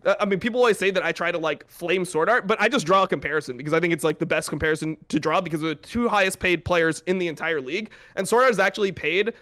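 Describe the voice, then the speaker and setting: A young man with a fairly high voice hosts a casual podcast. He talks in blunt, profane, exasperated rants. His delivery is loose and conversational. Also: fast, few pauses, sharp tone. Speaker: podcast host.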